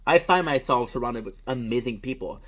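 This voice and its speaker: Mid-range in pitch and a little fast, this man's voice has lively intonation. A content creator whose native language is French, he muses casually and earnestly, wandering off, restarting often, and cursing along the way.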